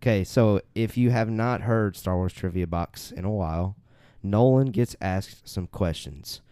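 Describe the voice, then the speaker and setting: A man's voice: lowish voice, measured pace, smooth, no room sound. A man hosting a casual podcast chat, laughing often as he runs a trivia quiz. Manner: laughs often, lively quizmaster. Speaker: podcast host.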